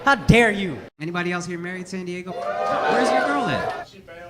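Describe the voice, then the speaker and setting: Brash, high-voiced comedian working the crowd. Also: male voice, expressive, brisk. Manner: brash, profane, teasing, laughs at own jokes. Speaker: stand-up comedian. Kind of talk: stand-up crowd work. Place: comedy club stage with live audience. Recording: roomy club with loud crowd noise.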